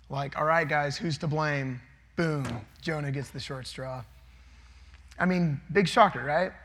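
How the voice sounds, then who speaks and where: A young man delivering a casual sermon, switching between reading scripture and lively asides where he acts out the characters. His voice is a touch high and husky. The sound carries a long reverb from a hall. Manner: animated, acts out the figures. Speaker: preacher.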